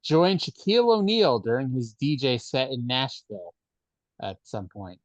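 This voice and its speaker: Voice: medium pitch, animated, moderate pace, no room sound, dull audio. A podcast co-host in casual chat, speaking dryly and hesitantly with many fillers. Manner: dry, hesitant, lots of fillers.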